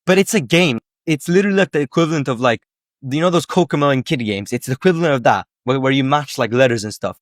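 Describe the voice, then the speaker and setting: A man's voice: medium pitch, expressive, fast talker, no echo, studio quality. A man coaching viewers on learning Spanish, talking to camera in an emphatic, persuasive way, full of rhetorical questions and casual fillers. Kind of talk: casual direct-to-camera teaching.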